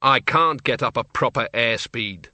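A weary, flustered middle-aged would-be vampire, voiced by a man who grumbles his way through. The tone is bright and close, with a dry sound. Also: medium pitch, a little slow, no echo. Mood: grumbling.

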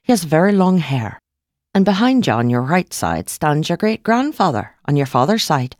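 A woman voicing a lively elderly Irish woman, a spirit medium who talks brightly and matter-of-factly. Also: deep voice, normal speed, no echo, studio quality.

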